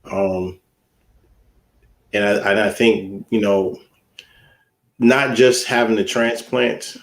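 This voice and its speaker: A man in his forties answers interview questions in a soft, hesitant voice, pausing often with fillers. His voice sits low and his pace is very slow, and the room sounds echoey. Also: steady tone. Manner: soft-spoken and hesitant, with many fillers and restarts. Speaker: guest, Navy veteran and minister. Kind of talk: casual interview talk.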